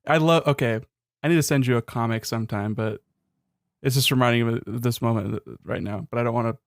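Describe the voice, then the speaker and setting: Wry young man with a smooth voice. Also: mid-range voice, brisk, dry recording. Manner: wry, dry jokes, thoughtful. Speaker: podcast co-host. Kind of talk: casual chat.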